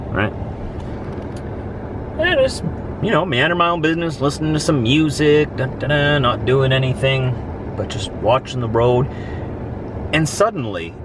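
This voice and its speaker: Animated trucker ranting on camera. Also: male voice, mid-range voice, noisy background. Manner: animated storytelling, rising to exasperated outbursts. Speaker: truck driver vlogger. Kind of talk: casual vlog rant. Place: in and around a truck, near traffic.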